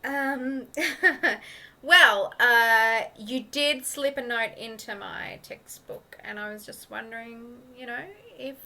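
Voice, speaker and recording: A woman playing a bright, eager young student. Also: a little high, fairly even intonation, slow, heavily acted. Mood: indignant. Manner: rambling, playful. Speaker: improviser. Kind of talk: improvised comedy scene.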